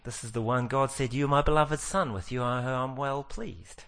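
A man preaching a sermon, earnest and slowing right down on the lines he wants to stress. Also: medium pitch, animated, fairly bright tone. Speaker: pastor.

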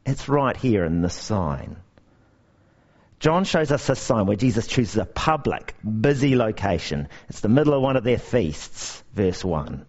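Guy preaching a sermon, super lively up-and-down voice, keeps hammering the point home, muffled lo-fi recording. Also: on the low side, unhurried. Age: young adult to middle-aged parent. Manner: animated storytelling with emphatic repetition. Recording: dull lo-fi recording.

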